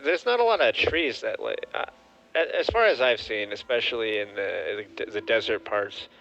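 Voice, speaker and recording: A man's voice: fairly low pitch, lively intonation, normal speed, creaky, a bit bright. A young man co-hosting a casual podcast, tossing in dry, offhand remarks. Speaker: podcast co-host. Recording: dull lo-fi podcast sound with faint music.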